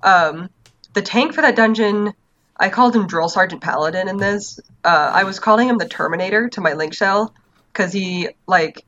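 A woman co-hosting a podcast chats casually about a video game, her mid-range voice a bit bright and her pace moderate. She rambles through game stories with frequent fillers and laughs, and the recording has a dull, lo-fi sound.

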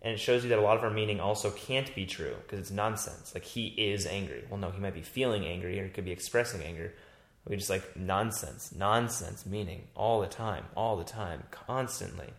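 A fairly low-voiced man chatting casually, rambling and animated as he works through ideas and relives his own reactions. His voice rings with noticeable room echo. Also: a little fast. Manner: animated, rambling storyteller who acts out his own past thoughts. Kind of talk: casual chat. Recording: roomy echo.

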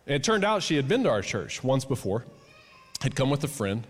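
A man's voice: medium pitch, lively intonation, fast. A man pastor telling a personal story in a conversational sermon, then building to an impassioned call to his congregation. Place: church auditorium. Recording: long hall reverb.

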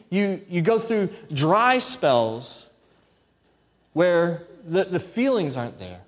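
A man preaching from the pulpit, his voice sitting a little high for a man. He moves between earnest, pleading scripture reading and casual asides to the congregation. The sound carries a long, ringing reverb from the church hall. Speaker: pastor. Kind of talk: sermon.

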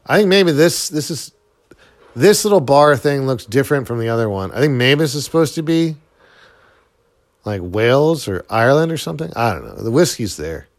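A man's voice: medium pitch, expressive, normal speed. Rambling middle-aged man, casual commentary. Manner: rambling, lots of fillers, chuckles often. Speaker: film commentator.

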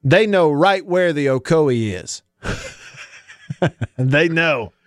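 A man's voice: fairly high pitch, expressive, drawn-out words, no room sound. A man hosting a talk radio show from a studio, rambling chattily and reading live ads. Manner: rambling, chatty, self-interrupting. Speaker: radio sports show host.

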